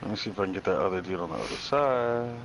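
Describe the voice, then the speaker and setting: A man playing a co-op game with a friend, relaxed and planning moves, retelling mishaps with amused disbelief. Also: low voice, fast talker, slight background noise, poor audio. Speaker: co-op player. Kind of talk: casual co-op gameplay chat.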